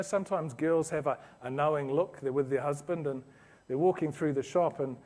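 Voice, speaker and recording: A man's voice: on the high side, a little mellow. A man giving a motivational business talk to a live audience, telling a story in an earnest, anecdotal way with frequent restarts. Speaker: business speaker presenting to an orthodontics audience.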